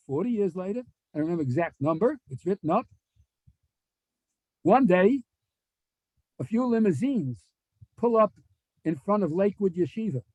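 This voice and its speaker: Ny rabbi telling a story, high voice, acts out all the lines, dry sound. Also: male voice, no echo, poor audio. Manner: animated storyteller, acts out dialogue. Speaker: rabbi giving a Torah class. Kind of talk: storytelling Torah lecture.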